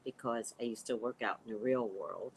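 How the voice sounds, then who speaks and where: A woman in her sixties chatting casually with her audience, snarky and animated, telling stories full of quoted dialogue, with a slight lisp from a missing tooth. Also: rumbling low, moderate pace, a little hiss or hum, poor audio. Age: 60s. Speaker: livestream host reading viewer comments. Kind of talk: casual chat.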